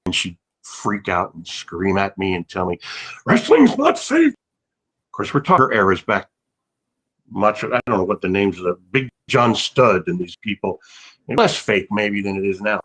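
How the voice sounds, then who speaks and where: A man's voice: low voice, moderate pace, fairly bright tone, rough recording. An older man, an actor, telling rambling, anecdotal stories in a casual interview, with many restarts.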